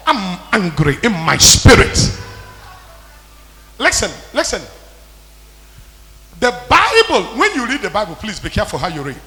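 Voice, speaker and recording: A man preaching a sermon as pastor, in impassioned call-and-response that builds to shouting. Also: high voice. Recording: long hall reverb.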